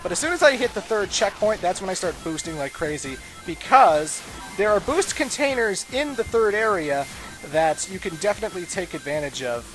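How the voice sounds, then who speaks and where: A man's voice: sits high, lively intonation, normal speed, a bit bright, soft background music. A man giving casual, chatty gameplay commentary as a let's play host, with frequent asides to viewers.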